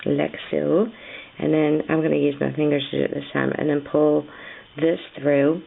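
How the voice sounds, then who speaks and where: A woman teaching a crochet lesson step by step, patient and chatty, her voice going hoarse from a cold. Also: flat delivery, moderate pace. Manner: patient, chatty, counts stitches aloud. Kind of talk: step-by-step craft tutorial. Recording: tinny, phone-like low-fi sound.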